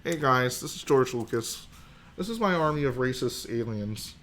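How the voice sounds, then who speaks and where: A man's voice: medium pitch, expressive, normal speed, a bit bright, close to an everyday voice. A man putting on an impression of a smug older male filmmaker who talks down to his audience. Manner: mock-lofty, condescending. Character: older male film creator, smug and dismissive.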